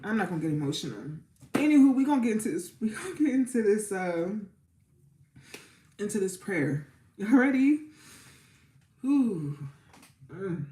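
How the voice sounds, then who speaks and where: A woman's voice: medium pitch, sing-song, moderate pace, pauses often. A woman tarot reader hosting a casual livestream, talking to her community in a chatty, repetitive way before leading a spoken prayer. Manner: warm, chatty, repeats herself, near tears at times. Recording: roomy echo.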